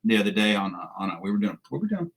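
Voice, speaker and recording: A middle-aged man with a lowish, fairly bright voice talks rapid-fire and very animatedly as a podcast guest in a studio. In a casual interview, he tells salty, profane anecdotes and laughs along the way. The recording quality is low.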